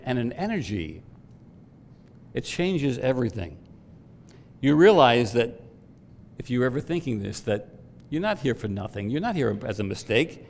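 A man preaching a sermon, swelling to loud emphatic peaks and dropping to quiet asides. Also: mid-range voice, gravelly. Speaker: pastor.

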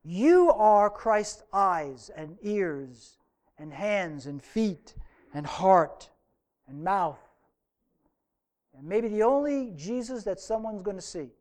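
A man's voice: high-pitched, lively intonation, slow pace, darkish tone. A man preaching a sermon to his church, earnest, stretching out key phrases for emphasis. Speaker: pastor.

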